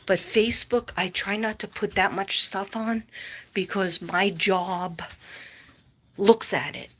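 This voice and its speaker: A woman's voice: mid-range voice, fairly bright tone. A woman hosting a casual livestream from home at night, rambling and self-deprecating, laughing often and sometimes dropping to a whisper. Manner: drops to a whisper at times. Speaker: live-stream host.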